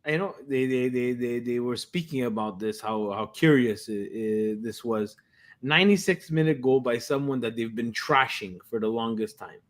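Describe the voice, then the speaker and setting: A man co-hosting a casual football podcast, excitable and given to cheering. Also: mid-range voice, normal speed. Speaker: podcast co-host. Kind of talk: casual sports talk.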